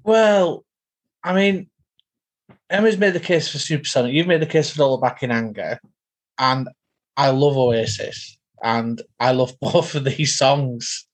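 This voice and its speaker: A man's voice: mid-range voice, a little slow. A man co-hosting a casual podcast chat, enthusiastic and teasing. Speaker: podcast co-host.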